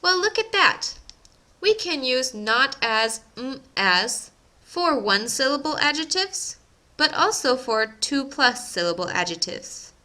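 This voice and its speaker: A young woman gives a grammar lesson in a bright, clear voice, pitched a little high. She speaks very slowly and enunciates every word carefully, as if for learners. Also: sing-song. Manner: slow, carefully enunciated teaching voice. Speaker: ESL teacher.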